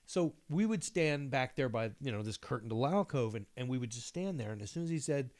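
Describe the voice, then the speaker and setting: A man's voice: mid-range voice, lively intonation, brisk, darkish tone. A middle-aged man co-hosting a podcast, telling a long, profane, rambling story in casual chat. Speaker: podcast co-host.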